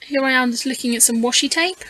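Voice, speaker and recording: A woman with a crisp, bright tone that sits a touch high talks a viewer through her scrapbooking in a loose, hesitant voice-over. She sounds a little tired and yawny, and she fills her pauses with frequent ums as she thinks aloud. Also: low-quality recording. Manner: rambling, hesitant, with frequent fillers. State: tired, yawning. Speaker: scrapbooking channel host. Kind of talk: casual voice-over narration of a craft video.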